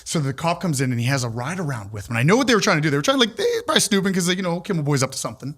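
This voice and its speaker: A man who owns the building, telling stories in an animated, casual way at a live podcast and acting out the people he quotes. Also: a little high, racing. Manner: animated storyteller, acts out quotes. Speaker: building owner. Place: large old building, live audience.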